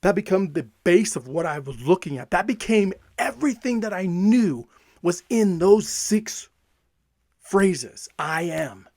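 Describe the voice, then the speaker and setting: A male motivational coach with a fairly high voice and energetic delivery. He keeps coming back to the same phrases for emphasis. The sound is dry and close, with no room around it. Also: a little slow, no room sound. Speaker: self-help coach. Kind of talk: motivational talk.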